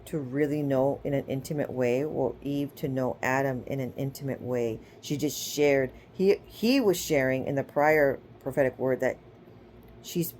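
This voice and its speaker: A woman's voice: very deep voice, darkish tone, slight background noise. A woman giving a casual spiritual teaching, chatty and informal, who retells scripture stories with acted-out quotes and keeps checking in with her listeners. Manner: chatty, checks in with "okay?" and "right?".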